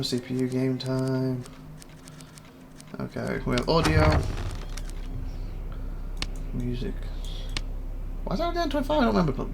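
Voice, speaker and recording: This casual let's-play commentary comes from a gaming channel host with a mid-range, creaky voice. He rambles and thinks aloud as he reads through a game demo's menus. Loud game music plays under his voice, and the background is noisy.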